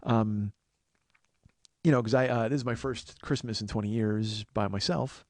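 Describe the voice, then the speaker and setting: A man's voice: on the low side, steady tone, moderate pace, a little mellow, no room sound. A man in his forties hosting a podcast, telling stories in a rambling comedic monologue. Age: 40s. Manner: rambling storytelling with restarts. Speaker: podcast host.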